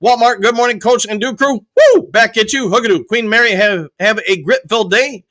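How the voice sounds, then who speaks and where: A man's voice: sits high, a little fast, pushed and bright, no echo. A man from Michigan hosting a live fan show, reading viewers' chat messages aloud and answering them. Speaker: host.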